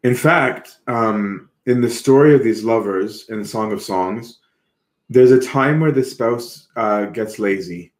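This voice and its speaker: A man's voice: on the low side, roomy sound. A man giving an earnest, reflective sermon, repeating words as he goes. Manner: earnest, reflective, slow with repetitions. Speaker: preacher.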